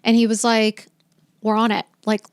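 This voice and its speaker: Fifties woman guest, frank storyteller, bit high pitched, dry studio sound. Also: monotone, moderate pace, smooth, no room sound. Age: 50s. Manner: blunt, emphatic, swears freely, acts out dialogue. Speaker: podcast guest. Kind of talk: candid storytelling.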